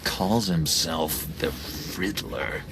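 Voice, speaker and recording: Game role: low, gravelly, unhinged ex-inmate, whispers and lurches, faint music behind. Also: male voice, slow, fairly bright tone, exaggerated voice. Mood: apologetic. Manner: erratic, whispery, swings from pleading to threatening. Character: unstable, clingy man, ex-asylum inmate with sudden menace. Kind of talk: video game voice acting.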